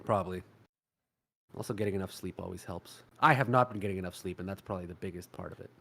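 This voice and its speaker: A man with a cold chatting on a livestream, subdued and low-key. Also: fast talker, creaky, sharp tone. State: sick, congested. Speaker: livestream co-host. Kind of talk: casual livestream chat.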